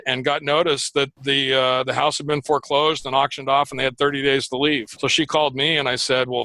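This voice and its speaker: A middle-aged man tells stories from his work in a podcast interview, bright and a little gravelly. He slips into the voices of the people he quotes as he goes. The sound is close and dry. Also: mid-range voice, dry recording, low-quality recording. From Los Angeles area. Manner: animated, acts out quoted voices when telling stories. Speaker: guest, veteran process server. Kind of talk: casual storytelling in a podcast interview.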